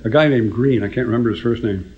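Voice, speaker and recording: A man's voice: mid-range voice, fast talker. Older man telling dry anecdotes. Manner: dry storyteller, laughs at his own punchlines. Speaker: songwriter telling stories. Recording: dull lo-fi recording.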